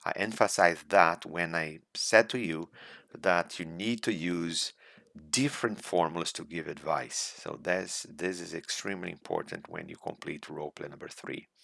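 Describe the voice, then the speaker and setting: A man with a low, gravelly voice, lively intonation, and a fairly bright tone coaches students for a speaking exam in a recorded slideshow lecture, speaking deliberately and repeating key points. English isn't his first language, and he's recorded close-up in a dry room with no echo.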